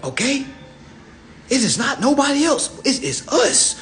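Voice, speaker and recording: A man with a notably high-pitched voice lectures on a phone live stream. He is blunt and confrontational, and he slows right down to hammer in the passages he reads aloud. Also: very animated, a bit bright, faint music behind. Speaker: livestream speaker. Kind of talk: livestream lecture, reading law text aloud.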